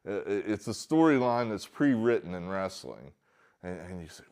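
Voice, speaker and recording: Man, casual solo commentary, lowish voice, hesitant fillers, mocking bursts. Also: very animated, normal speed, darkish tone. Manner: rambling, hesitant, many fillers, mocking outbursts. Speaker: political commentary host. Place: barn.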